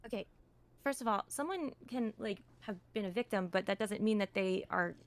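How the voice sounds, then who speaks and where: Woman guest, mid-pitched, on the back foot in a heated stream argument, rambling and exasperated. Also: normal speed. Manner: defensive, exasperated, filler-heavy. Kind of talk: heated livestream debate.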